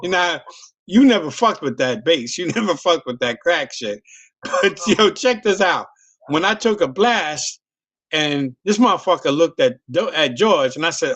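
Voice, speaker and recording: A man's voice: a little high, animated, moderate pace, a bit bright, dry recording. A middle-aged man, a comedian, telling a long profane story in a loose, rambling way. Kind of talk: casual storytelling on a video call.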